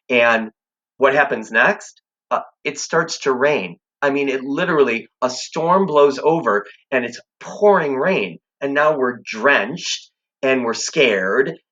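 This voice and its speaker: A man's voice: mid-range voice, a bit bright, highs cut off. A man teaching a class, telling a suspenseful personal story in a conversational way.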